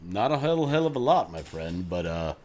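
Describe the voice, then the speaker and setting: A man voicing a gruff male cleric who speaks politely but turns blunt and sardonic. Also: low voice, sing-song, moderate pace, crowd noise. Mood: wry. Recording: noisy mic.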